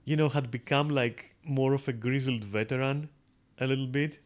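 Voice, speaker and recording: A man's voice: medium pitch, steady tone, moderate pace. A man streaming a game, thinking aloud in loose, rambling talk full of fillers and casual swearing. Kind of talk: casual gameplay commentary.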